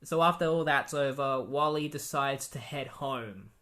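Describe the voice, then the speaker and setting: A man's voice: medium pitch, measured pace, pushed and bright. A man casually retelling a comic book story as a reviewer, rambling with many fillers.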